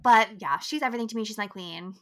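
A woman's voice: mid-range voice, racing, a crowd in the background. A young woman co-hosting a podcast who chats casually and gushes with exuberant, profane enthusiasm. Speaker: podcast co-host. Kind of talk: casual chat.

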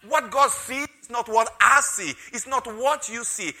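A man preaching a sermon, telling a personal testimony with emotion and stressing key phrases loudly. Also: very high voice, measured pace, few pauses. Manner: emotional storytelling, rising loud on key phrases. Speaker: pastor.

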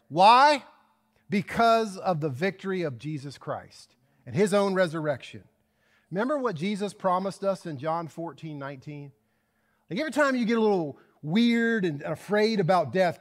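A man preaching a sermon, emphatic and repeating phrases for effect. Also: high voice. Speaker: pastor.

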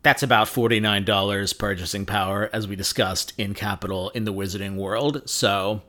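A man's voice: lowish voice, steady tone, normal speed, bright, forceful tone. A man co-hosting a podcast in casual chat, wry and dry, walking through figures. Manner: dry, wry, explains with numbers. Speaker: podcast co-host.

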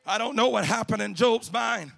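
A man preaching in a church sanctuary, chanting and shouting his sermon and tagging each phrase with a sung "uh". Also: high-pitched, normal speed, creaky.

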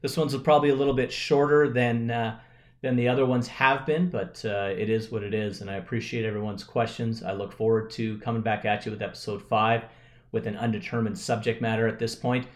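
A man with a raspy, hoarse voice hosting a solo podcast and answering listener mail in a relaxed, conversational way. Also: mid-range voice, brisk. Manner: relaxed and conversational, thinking aloud with fillers. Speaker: podcast host.

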